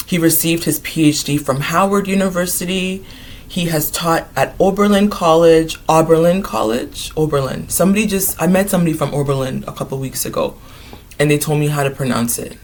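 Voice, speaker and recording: A man of Ghanaian heritage chatting casually and excitably in a vlog, wandering from topic to topic. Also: fairly high pitch. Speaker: vlogger.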